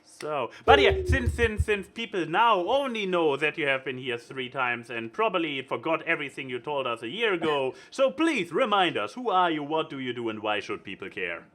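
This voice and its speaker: A man's voice: fairly high pitch, sing-song, normal speed, few pauses, a bit bright, slight background noise. A man co-hosting a casual podcast chat, talking hesitantly with lots of fillers and restarts. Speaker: podcast co-host.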